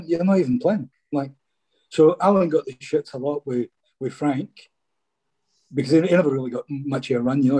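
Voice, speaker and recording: A man's voice: fairly high pitch, warm tone, slightly rough. A middle-aged man from Scotland, a former footballer chatting casually in an interview and peppering his stories with "mate".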